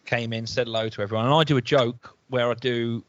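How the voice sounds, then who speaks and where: A comedian from England co-hosting a podcast over a video call, rambling through stories and acting out quotes in high voices. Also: male voice, steady tone, fairly quick, no echo. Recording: muffled, dry call audio.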